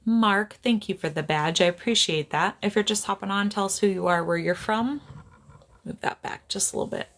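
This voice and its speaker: Gravelly-voiced woman psychic medium on a livestream. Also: mid-range voice, normal speed, fairly bright tone. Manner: laughs often, keeps apologizing, easily sidetracked. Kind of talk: casual livestream chat. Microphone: camera on a tripod.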